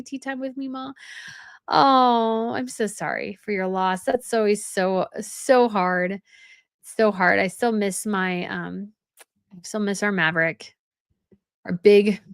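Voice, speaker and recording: A woman's voice: medium pitch, no room sound, clean studio sound. A woman hosting a live stream, reading viewer comments aloud and chatting casually, often restarting and repeating phrases. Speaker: host of a royal news live stream.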